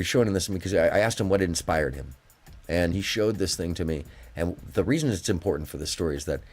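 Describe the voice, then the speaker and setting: A man with a low, darkish voice hosts a live call-in stream. He tells stories in a rambling, emphatic way, his pace drifting as the casual chat goes on.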